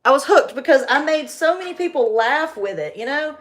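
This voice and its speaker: A chatty woman from North Carolina talks to her viewers on a livestream, her easy and relaxed. Her voice sits a little high, and she tells her stories in an animated way and laughs easily. She sounds like she is in her forties. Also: a little fast, noisy background. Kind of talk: casual livestream chat.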